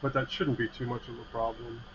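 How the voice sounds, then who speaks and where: A man's voice: medium pitch, flat delivery, brisk, fairly bright tone. A man co-hosting a casual livestream chat, talking in a rambling, friendly way about his tech projects. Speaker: podcast co-host. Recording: slightly dull mic with faint hiss.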